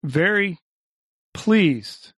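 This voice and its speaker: Flustered, uncertain male chairman, put on by a man reading, pitched higher. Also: expressive, measured pace, no room sound, clean studio sound. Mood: perplexed. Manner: uncertain, hesitant. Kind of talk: audiobook reading.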